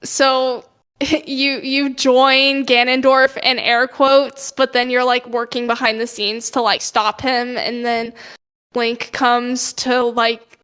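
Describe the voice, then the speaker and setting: A woman's voice: a little high, flat delivery, takes it slowly, fairly bright tone, clean tone. A young woman co-hosting a podcast in casual chat, playful and teasing, often restarting her sentences. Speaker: podcast co-host.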